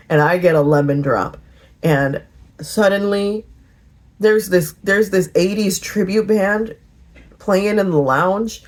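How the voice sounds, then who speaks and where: Slow-talking, animated woman vlogger. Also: mid-range voice. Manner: animated storytelling, laughing and singing along. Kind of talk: casual get-ready-with-me chat.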